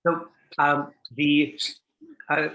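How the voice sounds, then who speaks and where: A man's voice: fairly high pitch, completely flat delivery, drawn-out words, narrow, tinny audio, a little hiss or hum. A middle-aged man teaching an online acting class, chatty and full of fillers, acting out line readings for his students.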